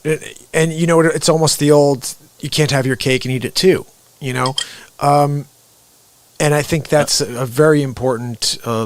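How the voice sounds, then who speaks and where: A man hosting a talk show, telling stories in a lively way and acting out the voices of the people in them. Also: mid-range voice, no echo. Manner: animated storyteller, acts out the people in his stories. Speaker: host. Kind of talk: casual talk show conversation.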